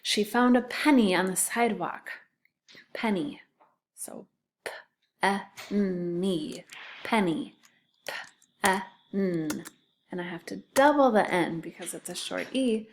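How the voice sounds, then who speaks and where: A woman's voice: mid-range voice, expressive, normal speed, a little hiss or hum. A woman teaching a children's spelling lesson, patiently sounding out words syllable by syllable.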